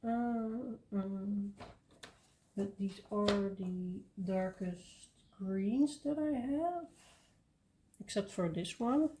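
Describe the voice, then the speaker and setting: Slow, mellow-voiced woman. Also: mid-range voice, a little hiss or hum. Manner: relaxed, unhurried, thinking aloud. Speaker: coloring video host. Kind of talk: casual coloring commentary.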